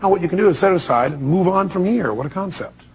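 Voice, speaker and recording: A man's voice: high voice, animated, quick pace, slight background noise. A middle-aged man giving an emphatic seminar talk and firing rhetorical questions at his audience. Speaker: motivational speaker.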